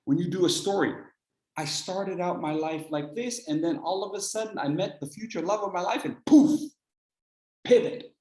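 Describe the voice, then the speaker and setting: A man coaching public speakers in a workshop, swinging from loud bursts to near whispers. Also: sits high, moderate pace, reverberant. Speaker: speech coach. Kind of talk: workshop teaching.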